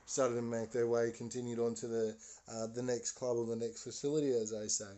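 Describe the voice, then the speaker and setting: A man's voice: mid-range voice, level tone, a little fast, dark tone. A man hosting a podcast, telling a story casually and rambling with lots of fillers. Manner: rambling, full of "you know" fillers. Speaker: podcast host.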